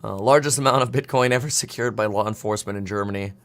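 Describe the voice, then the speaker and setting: A man's voice: on the low side, fairly bright tone. A man in his thirties hosting a casual live stream about markets, rambling and joking as he clicks through charts. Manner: fast, rambling, jokey, talks to himself while clicking charts. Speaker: livestream host. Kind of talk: casual market commentary livestream.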